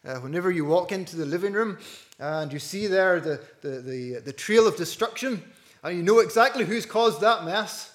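A man preaching a sermon earnestly, dropping to a hush and rising to loud stresses. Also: high voice, lively intonation, normal speed. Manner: earnest, with wide swings between hushed and loud.

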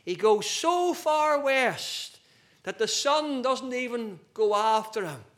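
A man preaching a sermon to a group of men, slow and emphatic, with big swings between loud and soft. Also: extremely high pitch, lively intonation.

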